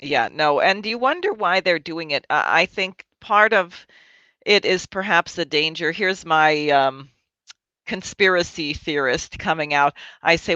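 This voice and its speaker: Woman co-host, bright sarcastic live-stream chatter, dry muffled sound. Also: on the low side, unhurried, no room sound. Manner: animated, sarcastic, laughs while talking. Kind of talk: casual political chat. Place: home in New York.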